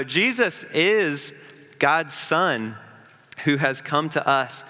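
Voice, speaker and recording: A man preaching a sermon as pastor, earnest, building up and slowing down for emphasis. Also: a little high, bright, forceful tone, big-room sound.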